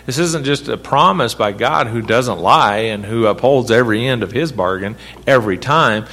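A man's voice: medium pitch, normal speed, sharp tone. Man teaching a Bible study. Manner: conversational, asks the group questions, repeats points for emphasis. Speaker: pastor leading a Bible study. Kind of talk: interactive sermon teaching.

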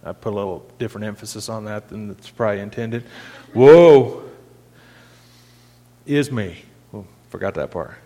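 A man's voice: lowish voice, steady tone, quick pace, hardly any pauses, long reverb tail. A man preaching a sermon in a conversational way, often repeating and restarting words and rising in force when he quotes scripture. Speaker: pastor.

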